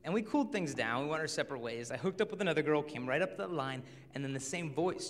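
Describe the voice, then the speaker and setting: A man in his twenties giving a humorous storytelling talk about dating, lively and jokey. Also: fairly high pitch, fast, few pauses, slight background noise. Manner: lively, jokey, acts out quoted people. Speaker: speaker on chastity and dating. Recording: long hall reverb.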